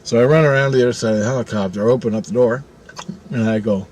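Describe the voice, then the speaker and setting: A man's voice: medium pitch, fast talker, slight background noise. Man swearing through a wild story. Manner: profane and animated, laughs often. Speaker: channel host. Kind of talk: casual storytelling.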